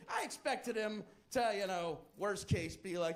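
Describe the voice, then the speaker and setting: A man doing stand-up, telling a profane story in a playful, animated way to a live audience. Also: high-pitched, measured pace. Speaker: stand-up comedian. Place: comedy stage before a live audience. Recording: live crowd laughter.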